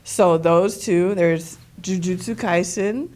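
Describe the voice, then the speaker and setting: A woman, a dancer and choreographer, chatting casually as an interview guest, with lots of "like" fillers and animated quoting. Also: fairly low pitch, slow pace.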